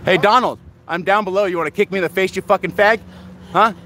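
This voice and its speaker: A high, bright-voiced man shouts profane insults in a heated standoff. He is outdoors in a parking lot, recorded on a handheld phone. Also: fast talker, a little hiss or hum. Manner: angry, profane shouting at staff, gentle to the woman. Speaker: bystander filming a confrontation. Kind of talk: heated confrontation.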